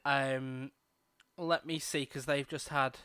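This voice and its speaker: Male podcast co-host, deadpan teaser, crisp bright tone, dry close mic. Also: medium pitch, slow pace, no echo. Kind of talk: casual comedic chat.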